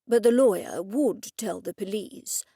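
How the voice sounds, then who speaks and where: Pompous elderly English gent, voiced by a woman narrator, stiff and formal, a touch high. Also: measured pace, gravelly, warm tone, breathy edge, no room sound, clean studio sound, exaggerated voice. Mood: indignant. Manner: stiffly formal, old-fashioned phrasing.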